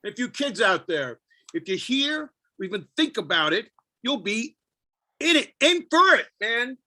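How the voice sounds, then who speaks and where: A man's voice: very high-pitched, sing-song, measured pace, pushed and bright. A man giving a spoken-word poetry performance, brooding and self-questioning with a wry edge. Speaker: poet.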